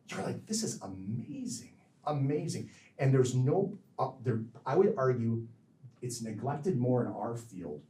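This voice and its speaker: A physician answering audience questions after a lecture, talking in long, rambling stretches that stop, restart and repeat words. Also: male voice, mid-range voice, mellow. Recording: echoey hall from far off.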